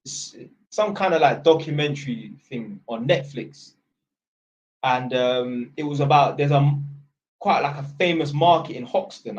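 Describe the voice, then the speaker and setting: A young man chatting on a live stream, rambling and blunt, swearing freely. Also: medium pitch. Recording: dull lo-fi sound.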